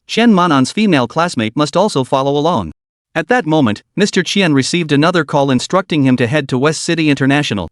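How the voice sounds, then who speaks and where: A man giving scripted story narration as a recap narrator, reading at a steady, even pace. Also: on the high side, dry recording, clean studio sound.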